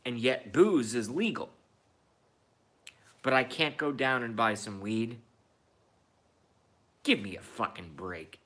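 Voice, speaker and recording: Slow-talking profane man in his thirties. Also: mid-range voice, animated, fairly bright tone. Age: 30s. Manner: profane, repetitive, indignant. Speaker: vlogger. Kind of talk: ranting monologue.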